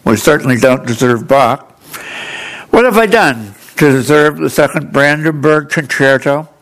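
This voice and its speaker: Slow-talking man with a speech defect. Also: medium pitch, rough recording. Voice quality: altered articulation from a speech defect. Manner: earnest, gently humorous. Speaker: lay reader in church. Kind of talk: slow storytelling and reading aloud.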